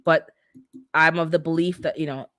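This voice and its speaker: A middle-aged woman hosts a relaxed livestream and keeps answering her viewers' chat as she talks. Her voice sits a little low for a woman. It is recorded close in a dry room. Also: moderate pace, no echo. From immigrant to North America. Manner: chatty, talks back to viewers' comments. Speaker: livestream host reading the chat.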